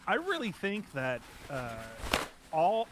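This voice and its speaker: A man's voice: high voice, wildly swooping pitch, takes it slowly, a bit bright, slight background noise. A man hosting a casual art podcast, telling rambling stories with many restarts. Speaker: host.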